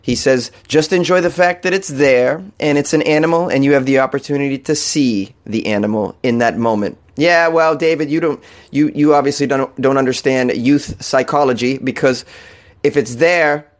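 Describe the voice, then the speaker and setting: A man's voice: mid-range voice, moderate pace. A young man from New England hosting a casual comedic news talk show, irreverent and swearing, laughing at his own jokes. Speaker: radio show host.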